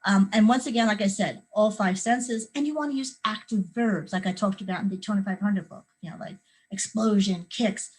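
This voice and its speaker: A woman's voice: medium pitch, a little fast, poor audio. A middle-aged woman, a children's author, leading a young writers' workshop and acting out scenes with sound effects to show how to add detail. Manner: lively, acts out scenes with sound effects and screams. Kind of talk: teaching kids creative writing.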